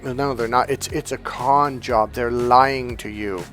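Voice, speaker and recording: A man's voice: medium pitch, steady tone, unhurried, a bit bright, faint music behind. A man giving a motivational vlog monologue as a coach, blunt, profane and emphatic. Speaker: relationship coach.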